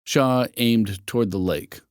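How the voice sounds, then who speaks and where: A male audiobook narrator who tells the story in a steady, even way. His voice sits at a middle pitch. The recording is dry and close, with no room sound. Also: unhurried, clear, resonant tone, no echo. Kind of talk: scripted narration.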